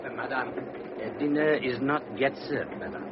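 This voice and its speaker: An actor playing a formal, deferential waiter, in an old radio drama. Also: male voice, medium pitch, steady tone, moderate pace, lightly acted. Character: formal male French dining-car waiter, polite and stiff. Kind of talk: 1940s radio drama acting. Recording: muffled old radio recording with hiss.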